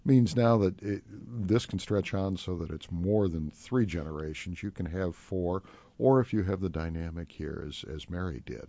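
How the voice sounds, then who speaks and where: A man hosts a call-in radio talk show in a very low, warm, mellow voice. He asks his guests questions in a relaxed, thoughtful way. The broadcast sound is slightly dull and muffled.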